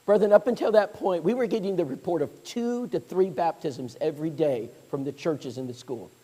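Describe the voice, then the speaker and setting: A preacher with a fairly high pitch and a normal pace animates his sermon with stories, giving voice to each person he quotes. Long hall reverb trails his words.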